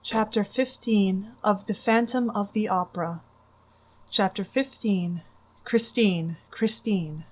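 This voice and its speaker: A woman narrating an audiobook in a measured, dramatic way. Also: mid-range voice, muffled recording. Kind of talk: audiobook reading.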